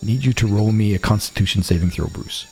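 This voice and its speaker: A man narrating as game master at a tabletop game, in a relaxed, conversational way. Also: on the low side, quick pace, creaky, soft background music.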